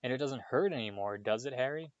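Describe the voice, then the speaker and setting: A man's voice: medium pitch, fast talker, no echo, highs cut off, close to an everyday voice. A man reading aloud voices an earnest, clever teenage girl who speaks in a matter-of-fact, defensive way.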